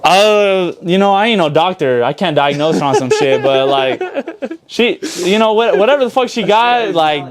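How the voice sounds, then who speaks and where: A man's voice: high-pitched, expressive, moderate pace, crowd noise. A young adult man as an interview guest, telling his side in a casual, slangy podcast talk full of swearing.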